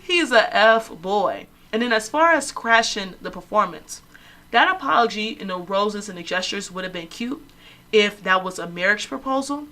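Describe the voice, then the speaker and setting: A young woman hosts a comedy podcast in a casual, sassy way, telling stories and handing out strong opinions. Her voice is bright and forceful, and she sits at an ordinary middle pitch. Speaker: podcast host.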